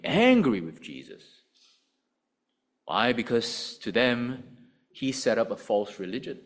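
A male preacher delivers a sermon in a mid-range voice. He speaks straight to his listeners, and his pitch climbs and falls freely as he drives each point home. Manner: animated preaching, rising and dropping in pitch and volume; addresses listeners directly.

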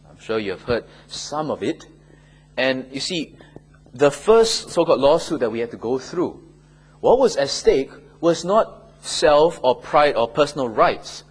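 A man answers questions in a Bible class, his voice somewhat husky and breathy. He talks in a loose, conversational way at an ordinary pitch, often tagging his points with "okay?" or "right?". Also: low-quality recording.

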